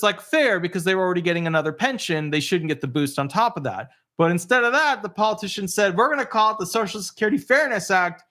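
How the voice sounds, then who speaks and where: A man's voice: high voice, pushed and bright. A middle-aged man, a disability attorney, explaining benefit changes in a rambling, casual way and breaking off to coo at his dog.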